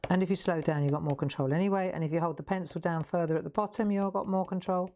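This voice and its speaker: A woman's voice: lowish voice, fairly even intonation, fast talker, dark tone, slight background noise. A woman hosting a live colouring demonstration, chatting, laughing often and making self-mocking asides. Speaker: craft show host.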